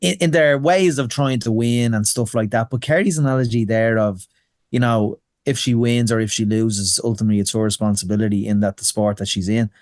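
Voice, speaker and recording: A man co-hosting a podcast, enthusiastic and quick to exclaim and laugh. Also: fairly low pitch, steady tone, a little mellow, dry recording. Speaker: podcast co-host. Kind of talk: casual podcast chat.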